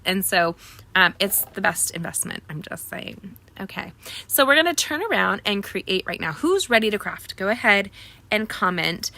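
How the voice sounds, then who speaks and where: A woman hosting a casual card making tutorial, chatty and rambling with lots of ums, pitching offers to viewers. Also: lively intonation, moderate pace, pushed and bright. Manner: upbeat sales pitch to viewers. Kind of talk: casual live craft tutorial.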